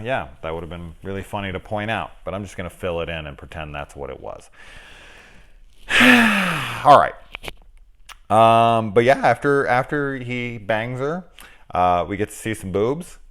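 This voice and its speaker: A man's voice: low-pitched, a bit bright. A man reviewing a film in casual, rambling, joking chat, swearing freely. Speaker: movie reviewer.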